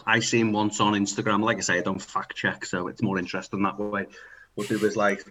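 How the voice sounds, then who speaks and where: A man's voice: fairly low pitch, little pitch movement, fairly quick, sharp tone. A man from the north of England, co-hosting a podcast in casual, rambling banter with plenty of swearing. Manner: rambling, sweary, laughs often. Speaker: podcast co-host.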